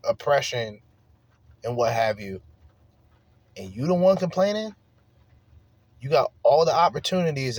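A podcast host with a fairly high-pitched voice, recorded without echo, launches into a solo opinion rant. He's emphatic and heated, swears freely and keeps firing rhetorical questions.

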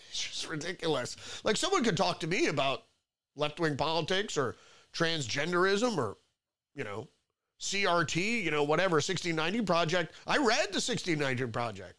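A man's voice: on the high side, sing-song, moderate pace, sharp tone. A man hosting a solo political commentary show, reading headlines and reacting to them with rambling restarts and mocking outbursts.

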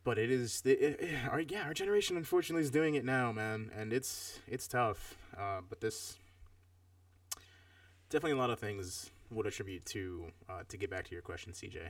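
A man's voice: on the low side, brisk, no room sound. Man in his thirties, casual film review chat, rambling and thoughtful, dry room, mic a bit far off. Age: 30s. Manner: reflective, rambling, many fillers. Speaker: podcast co-host.

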